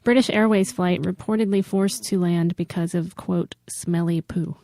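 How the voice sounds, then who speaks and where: A woman's voice: fairly low pitch, fairly even intonation, normal speed, creaky, warm tone, dry recording. A woman co-hosting a comedy podcast, reading odd news stories and teasing the others. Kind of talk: casual comedic chat.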